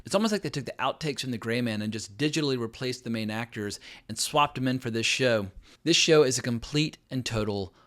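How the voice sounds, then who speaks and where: A middle-aged film critic hosts his own review channel and delivers a blunt, emphatic, sarcastic verdict on a new show, adding sarcastic asides. His medium-pitched voice is a bit bright, animated, and a little fast.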